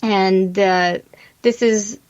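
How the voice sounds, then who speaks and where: A woman's voice: mid-range voice, steady tone, very slow, a little mellow. Chatty woman podcaster, muffled audio. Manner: chatty, rambling, laughs often. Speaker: podcast co-host. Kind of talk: casual recap chat.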